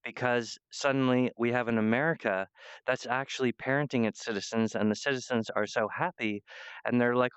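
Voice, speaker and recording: A man's voice: medium pitch, fairly even intonation, a little fast, clear, resonant tone, dry recording, highs cut off. A man giving a meandering spiritual monologue, full of fillers and restarts.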